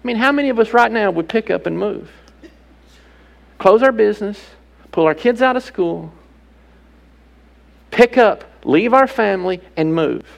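A man with a high, gravelly voice delivers a sermon from the pulpit. He preaches with emphasis and keeps turning to his listeners with rhetorical questions. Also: lively intonation, moderate pace, pauses often, rough recording. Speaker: pastor.

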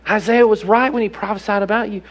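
A man's voice: high-pitched, steady tone, fast talker, poor audio. A man preaching a sermon, emphatic and direct, asking the congregation rhetorical questions. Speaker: pastor.

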